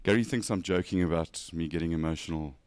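A man's voice: low-pitched, fast talker, a little mellow, no echo. A man hosting a motorsport show, chatting casually and joking as he gushes over a race car's details. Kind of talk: casual walkaround chat.

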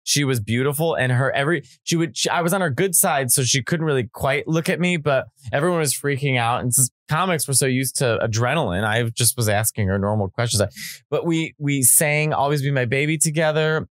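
Man, comedian guest, animated storyteller, casual podcast chat, dry close mic. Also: mid-range voice, a little fast, no room sound. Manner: animated storyteller, does voices of people in his stories.

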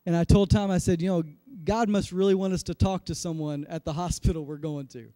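Man, forties, pastor, sermon, very high voice, dry close sound, animated self-mocking storytelling. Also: brisk, no echo. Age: 40s.

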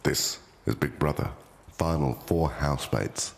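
Very deep, gravelly male announcer voice. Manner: measured, commanding, deliberate. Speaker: show announcer giving instructions. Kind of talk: formal scripted announcements. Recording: long reverb on the voice.

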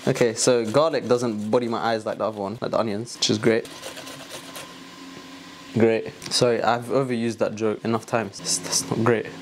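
A man's voice: lowish voice, fairly even intonation, a little fast, hardly any pauses. A young man, rambling and joking to himself while he cooks. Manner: jokey, rambling self-talk, flustered and stressed. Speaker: vlogger cooking for his family. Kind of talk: casual chatty vlog. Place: home kitchen. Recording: noisy kitchen recording.

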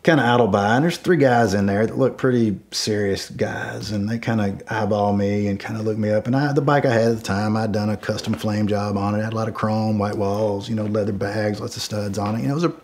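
A man's voice: fairly low pitch, fairly even intonation, a little fast, few pauses. A middle-aged man telling a personal story in a casual, rambling way, full of fillers and restarts. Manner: rambling, many fillers and restarts, shouts quoted lines loudly. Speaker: storyteller guest.

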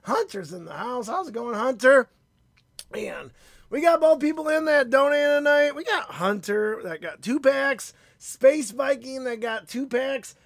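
Chatty man with a husky, fading voice. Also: very high voice, expressive, measured pace, fairly bright tone, no echo, clean studio sound. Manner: chatty and upbeat, greets viewers by name. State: losing his voice, phlegmy. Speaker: card-breaking stream host. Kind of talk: live stream chat.

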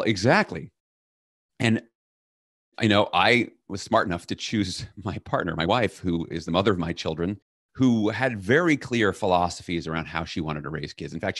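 A middle-aged man, a leadership coach, telling a personal story as a podcast guest and loudly acting out the orders he quotes. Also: low voice, dry recording, clean studio sound. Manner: animated, acts out quoted commands loudly.

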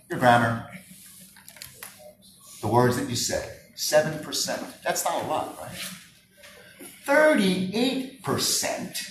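A man leading a live public speaking workshop, very animated and moving from soft talk to shouting. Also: mid-range voice, a little hiss or hum. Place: workshop room with an audience. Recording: roomy sound from a distance, faint ambience.

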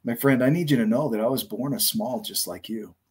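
A man voicing a huge, kind old male giant who speaks slowly and gently. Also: mid-range voice, breathy edge, close to an everyday voice. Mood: gentle, wise.

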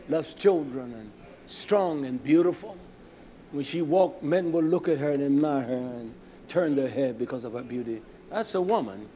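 A man preaching a sermon, emphatic and rising at times to shouts. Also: fairly high pitch, a little hiss or hum.

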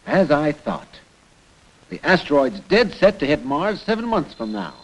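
An actor voicing a gruff, commanding male colonel who heads a space organization in a 1960s cartoon, giving brusque orders. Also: fairly high pitch, big pitch swings, measured pace, poor audio.

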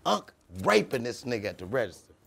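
A young man telling comedic stories on a podcast, animated and slipping into character voices. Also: medium pitch, a little fast, gravelly, slightly rough. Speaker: podcast host. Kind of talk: comedic storytelling.

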